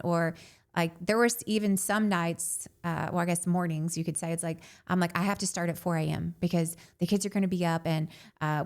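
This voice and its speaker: Animated woman telling a personal story. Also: on the low side. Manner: animated, says "like" often. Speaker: podcast co-host.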